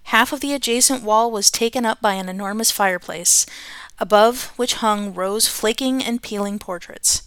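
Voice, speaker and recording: A woman's voice: mid-range voice, moderate pace, fairly bright tone, clear, resonant tone, dry recording. A woman host reading a book aloud on her podcast, chatty and self-correcting, laughing at her own slips.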